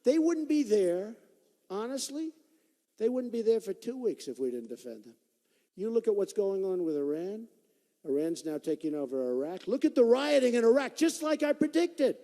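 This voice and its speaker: A man's voice: sits high, very animated, normal speed, warm tone. Emphatic man speaking at a big rally. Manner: emphatic, repetitive, off-the-cuff. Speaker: political candidate. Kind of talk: campaign rally speech. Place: large indoor rally venue. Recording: long echo of a large hall.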